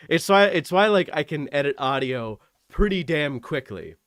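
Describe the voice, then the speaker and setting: A man's voice: on the high side, expressive, moderate pace, fairly bright tone, no echo, clean studio sound. Rambling young man from eastern Canada. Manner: rambling, self-deprecating, many fillers. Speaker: streamer. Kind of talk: casual chat on a stream call. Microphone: desk microphone.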